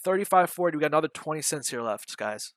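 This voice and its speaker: A man's voice: fairly high pitch, expressive, fast, fairly bright tone, no room sound. Brash young man streaming live trades. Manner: brash, joking, swearing banter with chat. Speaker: day trading streamer. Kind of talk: live trading commentary.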